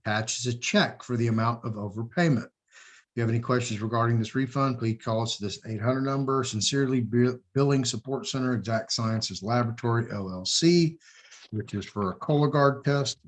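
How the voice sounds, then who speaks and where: A man's voice: mid-range voice, a little fast. A man with a Texan accent hosting a casual live show, telling stories and acting out the dialogue. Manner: animated storyteller, acts out quoted dialogue. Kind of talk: casual live-stream chat.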